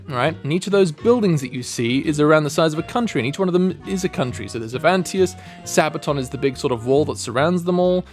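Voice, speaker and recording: A young man casually retelling a story's lore, rambling and self-mocking, with frequent swearing. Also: on the high side. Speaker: content creator.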